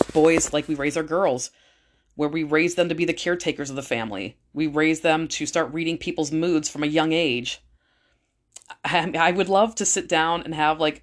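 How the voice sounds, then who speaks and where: A middle-aged woman talking casually and bluntly, swearing often and using lots of fillers. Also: low voice. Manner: blunt and profane, frequent fillers. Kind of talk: casual opinion monologue.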